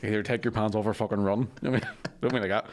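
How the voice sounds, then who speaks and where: A man's voice: lowish voice, fairly even intonation, racing, a little hiss or hum. A man, a podcast co-host trading crude jokes in casual chat. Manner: joking, crude banter.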